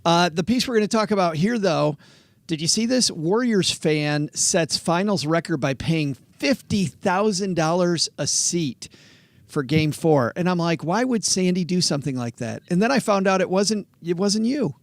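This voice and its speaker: A chatty man co-hosting a casual money talk show. His voice sits a little high, and he reads news items aloud in quick bursts. The sound is dry and close. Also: expressive, no room sound. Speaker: podcast co-host. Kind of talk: casual chat. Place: phone booth studio.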